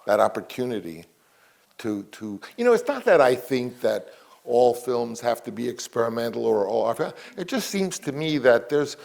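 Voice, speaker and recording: A man talks reflectively in an interview, rambling and often restarting his sentences. He is a film director looking back over his work. His voice sits at an ordinary pitch. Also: very animated, normal speed, vocal fry, a little mellow.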